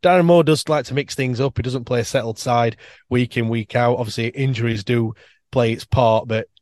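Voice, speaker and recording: A man's voice: medium pitch, steady tone, normal speed, darkish tone, no room sound. A man, a football fan podcaster, chatting casually and upbeat as a guest, talking in long rambling runs. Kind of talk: casual interview chat.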